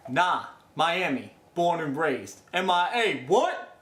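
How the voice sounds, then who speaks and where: A man's voice: on the high side, very animated, takes it slowly, a bit bright, reverberant, heavily acted. A man playing a slangy wannabe Jersey bro. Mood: cocky. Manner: terrible put-on New Jersey bro accent, slangy. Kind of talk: comedy sketch acting.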